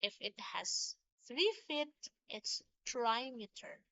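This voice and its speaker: With a bright, forceful voice on the high side, a woman teaches a poetry lesson. She explains slowly and patiently, singing rhythm examples aloud, in a dry recording with dull lo-fi sound.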